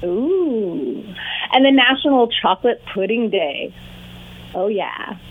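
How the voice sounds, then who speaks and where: A woman's voice: a little high, expressive, takes it slowly, husky. A woman with a Southern California accent, a realtor guest chatting casually on the phone, bubbly and laughing often. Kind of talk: casual chat over the phone. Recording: tinny phone line.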